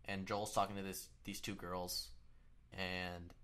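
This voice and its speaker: Young male podcast co-host, somewhat low voice, loose rambling delivery with casual swearing. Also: flat delivery, takes it slowly, fairly bright tone. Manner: rambling storytelling with frequent swearing and fillers. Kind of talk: casual chat.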